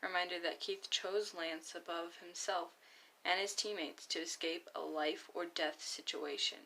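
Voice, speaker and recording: A woman's voice: fairly low pitch, steady tone, unhurried, vocal fry, sharp tone, rough recording. Earnest, chatty young woman. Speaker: fan comic dub reader. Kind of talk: casual fan commentary.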